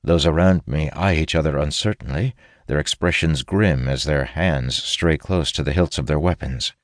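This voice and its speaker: A man giving steady, measured first-person narration of a fantasy audiobook. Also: very deep voice, no room sound, clean studio sound.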